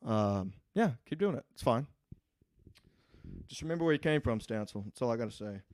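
A man hosting a podcast solo, reading the live chat and ranting with lots of swearing, swinging from muttering to yelling. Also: medium pitch, animated, moderate pace, no room sound, studio quality. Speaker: podcast host. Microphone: podcast microphone.

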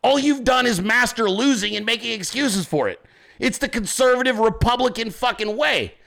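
A man's voice: extremely high pitch, lively intonation, normal speed, gravelly, pushed and bright. A man hosting his own show from a home desk, ranting in profane, combative, mocking commentary. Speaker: podcast host.

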